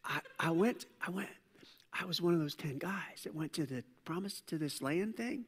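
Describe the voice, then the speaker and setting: A man whispering as a hushed Israelite gossip. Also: high voice, big pitch swings, brisk, in a large hall, slight background noise, full character voice. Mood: conspiratorial. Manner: hushed, conspiratorial, secretive. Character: gossiping male Israelite spreading a bad report. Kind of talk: whispered role-play.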